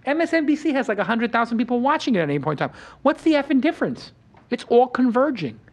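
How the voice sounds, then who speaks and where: Speaking quickly at an extremely high pitch, this podcast host leads a casual roundtable talk show. He tells stories with boastful, animated energy, performing the quotes of others as he goes.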